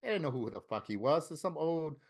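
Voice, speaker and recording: A man from Florida telling a story in casual interview talk, animated and profane, acting out what other people said. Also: fairly high pitch, brisk. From Florida, USA. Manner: animated, profane, acts out quoted voices. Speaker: interview guest, tattoo artist.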